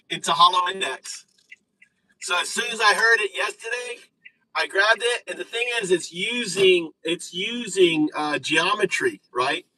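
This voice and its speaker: Excitable male live streamer, high bright voice, casual and profane, a bit far from the phone. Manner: excitable, swearing, trailing restarts.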